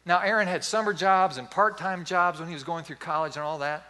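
Pastor, male, 50s, playful sermon delivery, slightly high bright voice. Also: a little fast. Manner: animated storytelling, playful.

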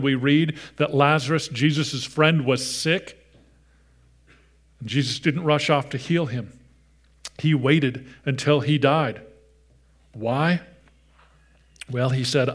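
A man preaching to his congregation in a mid-pitched voice. His delivery is earnest, and he swings between forceful emphasis and soft, almost whispered lines. He pauses to speak directly to the children. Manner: earnest, shifts between loud emphasis and hushed softness. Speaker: pastor. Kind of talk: sermon.

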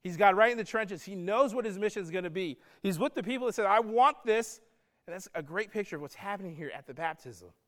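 A man delivers a sermon in a fairly high voice. He talks in a casual, earnest way and pushes harder on his key points. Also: animated, fast, few pauses, fairly bright tone. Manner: earnest, conversational preaching with rising emphasis. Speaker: pastor.

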